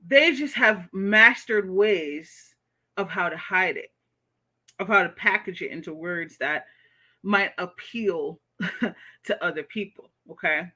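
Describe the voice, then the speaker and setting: Blunt, bright-voiced American woman streamer. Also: lowish voice, slow. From United States. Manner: blunt, profane, animated, repeats "okay?". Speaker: livestream host reading chat. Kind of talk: casual livestream commentary.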